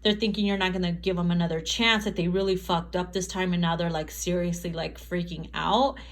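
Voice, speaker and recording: A woman's voice: fairly low pitch, fairly even intonation, a little fast. Woman, tarot reader, casual reading to camera, chatty, swears freely, laughs a lot. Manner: chatty, profane, acts out quotes, laughs often.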